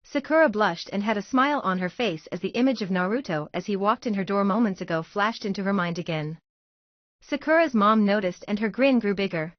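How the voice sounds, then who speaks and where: A woman reading a fan-fiction story aloud in a steady, even narrating voice. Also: mid-range voice, no echo, lo-fi sound. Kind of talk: audiobook-style story narration.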